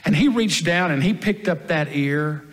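A man's voice: on the high side, moderate pace, lightly acted. Peter as a man plays an impulsive apostle in a reverberant hall. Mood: hushed, grave. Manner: dramatic storytelling, swings between loud and hushed. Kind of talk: first-person dramatic monologue.

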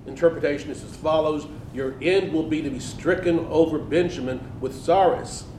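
A man's voice: a little high, normal speed, a little mellow. A man in a Bible class reading commentary aloud, with some hesitation. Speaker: class participant. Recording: echoey room with faint noise.

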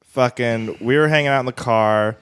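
A man's voice: medium pitch, normal speed, clean tone. Rambling, swearing male storyteller. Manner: rambling, profane, chuckles through his lines. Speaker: guest comedian. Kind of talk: casual storytelling.

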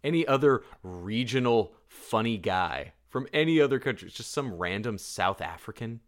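A man co-hosting a casual movie podcast, joking and riffing in an animated way. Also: mid-range voice, normal speed. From United States. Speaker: podcast co-host.

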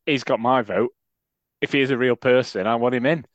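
A man's voice: mid-range voice, no room sound. Sarcastic man, dull audio. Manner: sarcastic, jokey, quick asides. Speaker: podcast co-host. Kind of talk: casual football chat.

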